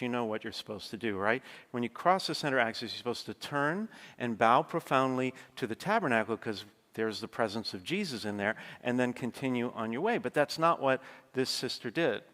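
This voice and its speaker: A man's voice: medium pitch, animated, normal speed, hardly any pauses, a bit bright. Man preaching a chatty sermon in a reverberant church. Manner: conversational storytelling, frequent asides to the congregation. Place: large church.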